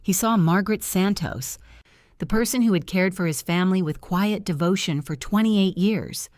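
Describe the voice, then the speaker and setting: A woman in her fifties reading a first-person story in a measured, earnest way. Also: mid-range voice, a little mellow, no echo, clean studio sound.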